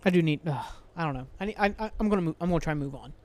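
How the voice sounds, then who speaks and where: A man's voice: a little high, lively intonation, very fast. A young man hosting a solo podcast, ranting angrily and profanely with frequent sighs and restarts. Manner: angry, profane, rambling rant with sighs. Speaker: podcast host.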